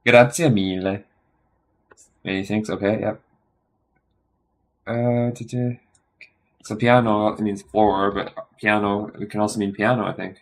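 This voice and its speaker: Low-voiced man musing while he studies. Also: steady tone. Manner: rambling, self-correcting, reads phrases aloud slowly. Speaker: language learner live streaming his study. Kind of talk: casual thinking aloud while studying.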